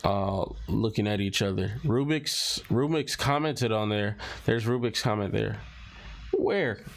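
A commentary vlogger with a lowish voice and measured pace reads social media posts and captions aloud casually, muttering and reacting while he scrolls.

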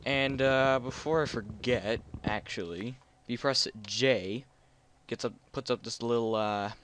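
In a casual video game playthrough, a man talks through the action in a rambling, uncertain, self-mocking manner. His voice is medium-pitched, a bit bright, and a little slow.

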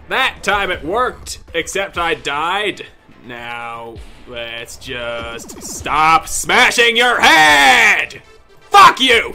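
Frustrated, a man shouts and curses at the game he's commentating on, throwing in mock-pompous outbursts along the way. His voice is a little high.

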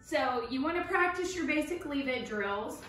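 A chatty woman dog trainer walks through a session step by step, breaking into excited baby talk with the dog. Her voice sits a little high. She is heard from across a very echoey room, with faint music behind. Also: normal speed, far from the mic. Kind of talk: instructional demonstration.

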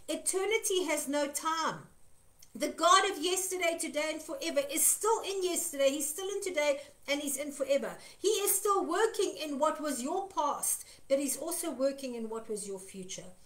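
A woman's voice: high-pitched, lively intonation, normal speed, fairly bright tone. A woman minister giving an earnest devotional teaching, stressing her points by repeating phrases. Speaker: Christian minister.

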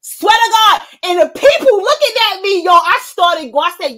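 Brash high-voiced woman storyteller. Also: normal speed, hardly any pauses, low-quality recording. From United States. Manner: brash, animated, roasting and laughing. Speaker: livestream host. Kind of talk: casual storytelling chat.

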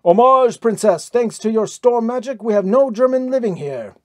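Fierce male Norse warrior chorus, read by a man, shouted high in an audiobook. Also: expressive, moderate pace, dry recording, clean studio sound. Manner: loud, shouted homage.

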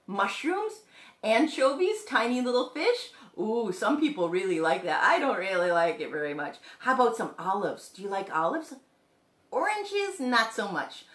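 A young woman hosting a sing-along show for toddlers, talking slowly and playfully to small children. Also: fairly high pitch, fairly bright tone, echoey room. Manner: slow, exaggerated, playful talk to small children. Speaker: children's music teacher and show host.

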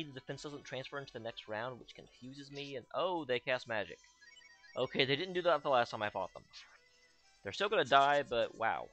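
A young let's play host talks through a game in casual commentary, his medium-pitched, slightly bright voice carrying a sarcastic, joking edge. His pitch swings widely as he reacts, with faint game music playing underneath.

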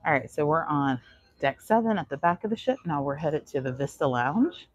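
Breathy woman live-streaming while walking. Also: sits low, lively intonation, moderate pace, dry recording, lo-fi sound. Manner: chatty, answers chat questions while walking. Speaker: vlogger. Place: aboard a cruise ship, indoor decks.

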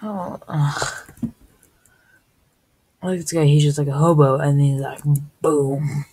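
A woman's voice: deep voice, fairly even intonation, slow, mellow, a little hiss or hum, low-quality recording. A woman hosting a casual let's-play video, exclaiming and gasping at the game. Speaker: gaming video host.

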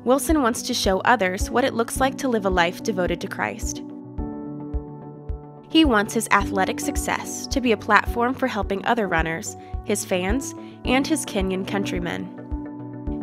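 Female devotional narrator, measured scripted read over a clear music bed. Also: medium pitch. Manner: measured, even reading. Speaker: devotional reader.

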